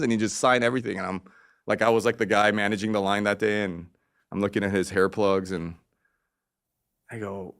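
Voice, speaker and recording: A man's voice: fairly low pitch, steady tone, moderate pace, pauses often, a bit bright. A man around fifty, a guest in a casual interview, telling stories in a profane, rambling way and acting out quotes.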